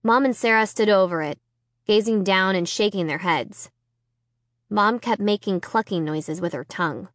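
A woman reading a children's chapter book aloud in the first person, in a measured and expressive way. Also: medium pitch, dry recording, studio quality. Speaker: audiobook reader. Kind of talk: first-person storybook narration.

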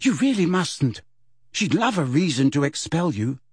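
A man's voice: a little high, sing-song, normal speed, breathy edge, no room sound, studio quality, voice pushed up. A man voicing an anxious, earnest teenage schoolgirl who pleads with her friends.

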